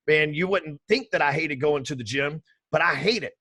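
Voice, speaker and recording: Man, high-pitched, energetic, emphatic, casual swearing. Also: normal speed, husky, no room sound. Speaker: podcast guest, sales trainer. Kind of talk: energetic interview talk.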